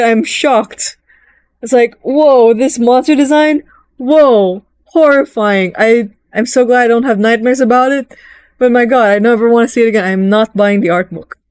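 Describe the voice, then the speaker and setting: A woman giving a casual, rambling recap of a video game, chatty and animated, often slipping into quick voices for the characters. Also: on the high side, clean tone, dry recording. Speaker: gaming vlogger.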